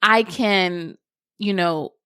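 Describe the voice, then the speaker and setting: A young adult woman hosting a solo podcast, thinking out loud in a conversational, reflective way with lots of casual fillers. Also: lowish voice, extremely slow, clear, resonant tone, no echo, clean studio sound. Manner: reflective, conversational, many "you know" fillers. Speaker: podcast host.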